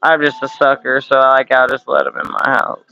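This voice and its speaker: A man's voice: medium pitch, little pitch movement, moderate pace, creaky, bright, forceful tone, muffled recording. A man in his thirties hosting a casual livestream from home, swearing and laughing through loose banter. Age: 30s. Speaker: livestream host. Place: home room with window air conditioner.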